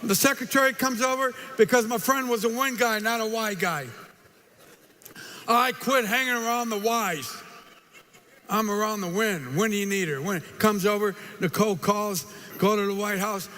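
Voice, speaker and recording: An older man giving a live motivational speech, an animated storyteller who acts out quotes and throws in punchy asides. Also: sits high, moderate pace. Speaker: motivational speaker. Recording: hall reverb, faint ambience.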